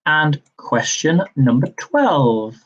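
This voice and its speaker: A young man hosting a live-streamed quiz, reading each question slowly, repeating it, and adding chatty asides. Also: fairly high pitch, very animated, fairly bright tone, slightly rough, dull audio. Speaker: quiz host.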